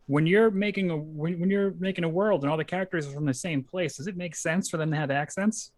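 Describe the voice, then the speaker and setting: A man hosting a casual interview, laughing easily and thinking out loud as he asks questions. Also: fairly high pitch, fast. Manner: laughs easily, thinks aloud while asking. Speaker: interview host.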